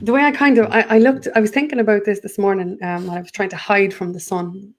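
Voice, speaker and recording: A woman's voice: mid-range voice, fairly even intonation, fast, slight background noise. Woman guest, chatty and rambling, trips over her own words, mid-range voice. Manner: rambling, repeats words, restarts often. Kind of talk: casual spiritual chat.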